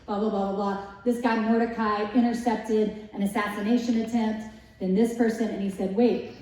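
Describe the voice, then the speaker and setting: A woman giving a casual Bible lesson, retelling the story in a lively way with rhetorical questions to her listeners. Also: mid-range voice, normal speed. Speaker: Bible study teacher. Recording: echoey room, distant mic.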